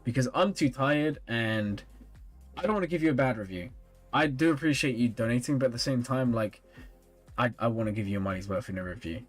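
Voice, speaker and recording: A man's voice: medium pitch, fairly quick, soft background music. A tired, yawning man streaming live and chatting casually as he reviews viewers' game rosters and answers chat. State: sleepy, yawning.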